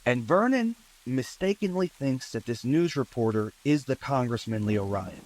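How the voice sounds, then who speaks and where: A man narrating a true-crime story in a relaxed, conversational way, with asides and fillers. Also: medium pitch, normal speed, poor audio.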